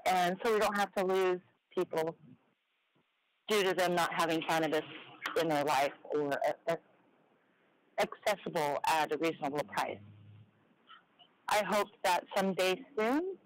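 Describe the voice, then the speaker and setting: A woman's voice: on the low side, a little slow, long pauses, poor audio. Sincere woman closing a podcast. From Oregon, United States. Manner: sincere, earnest. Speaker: podcast co-host. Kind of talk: heartfelt closing remarks.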